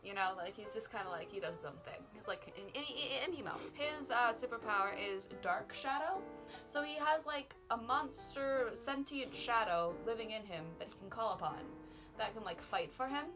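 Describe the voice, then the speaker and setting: A woman's voice: on the high side, animated, moderate pace. A young woman hosting a casual chat, quizzing a friend, giggly and rambling with lots of likes and restarts. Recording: music playing underneath.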